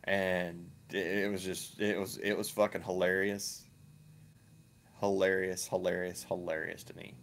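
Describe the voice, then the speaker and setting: Low-voiced man ranting crudely. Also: little pitch movement, unhurried, gravelly, a bit bright, a little hiss or hum. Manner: crude, profane and mocking, repeats himself. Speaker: online video commentator. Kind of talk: ranting reaction commentary.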